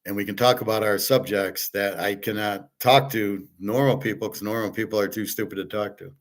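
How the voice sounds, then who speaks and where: A man's voice: on the low side, fairly even intonation, a little fast. A man hosting his own show, ranting off the cuff with heavy profanity and exasperation, often stumbling over and repeating words when worked up. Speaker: sports betting picks host. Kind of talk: unscripted ranting commentary.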